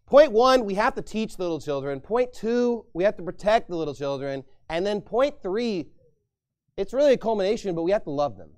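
A man's voice: high-pitched, big pitch swings, fairly quick, darkish tone. A man pastor preaching a sermon in an emphatic, repetitive style.

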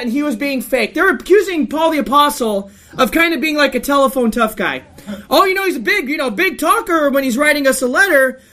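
A woman's voice: sits high, fairly bright tone. A woman reading scripture and preaching an emphatic, rebuking sermon.

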